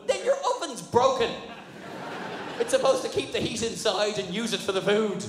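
A man's voice: sits high, normal speed. A man, performing a sardonic, sweary stand-up routine at a live comedy venue on a stage mic. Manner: sardonic, sweary, animated storytelling. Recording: echoey live room with audience noise.

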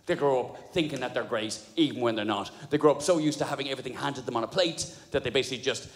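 A middle-aged man performing a fast, animated stand-up comedy routine, slipping into put-on voices. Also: medium pitch. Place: large venue with audience. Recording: echoey hall with audience ambience.

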